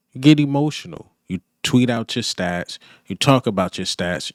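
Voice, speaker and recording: A man's voice: lowish voice, no room sound, clean studio sound. A man hosting a fan channel, giving blunt, repetitive opinion commentary that builds to emphatic points.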